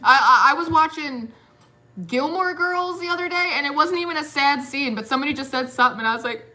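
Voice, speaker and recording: A woman's voice: sits high, sing-song, brisk, pushed and bright. A young woman reading tarot in a casual, chatty way, giggling often and filling her talk with "like". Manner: chatty, giggly, uses lots of fillers. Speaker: tarot reader.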